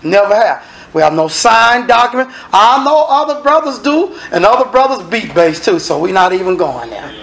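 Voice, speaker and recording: Animated preacher man. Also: sits high, normal speed, gravelly. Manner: animated, acts out dialogue, sometimes shouts. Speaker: minister. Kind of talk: sermon.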